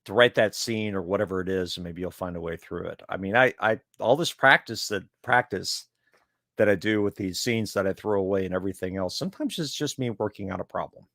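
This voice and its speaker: A man co-hosting a writing podcast, talking in a loose, animated way with frequent laughter and swearing. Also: sits low, fairly quick, no echo, studio quality. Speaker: podcast co-host; writer. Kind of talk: casual chat.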